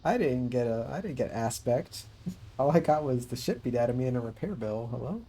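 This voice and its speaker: A man's voice: medium pitch, expressive, brisk, warm tone. A man streaming a game, chatting casually and laid-back, often chuckling and trailing into fillers. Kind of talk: casual livestream chat while gaming.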